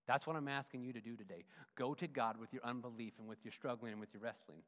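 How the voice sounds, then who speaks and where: A male pastor preaching a sermon, swinging from loud emphatic runs to hushed, soft endings. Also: mid-range voice, fast, few pauses. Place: church sanctuary. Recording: long reverb of a church hall.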